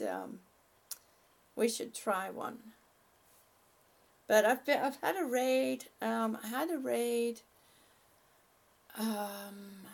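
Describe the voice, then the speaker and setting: A woman hosting a livestream, chatting haltingly and affectionately with her viewers, often restarting her sentences. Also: fairly high pitch, vocal fry. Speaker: livestream host. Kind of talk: casual livestream chat with viewers.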